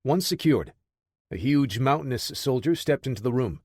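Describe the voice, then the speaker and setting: A man's voice: medium pitch, animated, moderate pace, darkish tone, slightly rough, dry recording, clean studio sound. Man narrating a military thriller. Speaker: audiobook narrator. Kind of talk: scripted audiobook narration.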